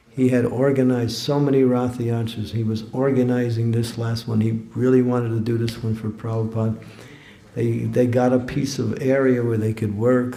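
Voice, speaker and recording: A guest speaker at a temple program delivers a storytelling lecture in a temple hall, his medium-pitched voice gravelly yet mellow. He chuckles often and repeats words as he goes, and the recording carries the hall's echo.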